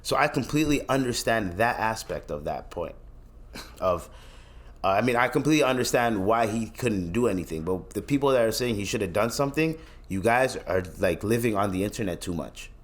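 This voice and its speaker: A man's voice: lowish voice, lively intonation, brisk. A young man from Canada hosting his own podcast, ranting bluntly and profanely in casual solo commentary, often restarting his sentences. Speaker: podcast host.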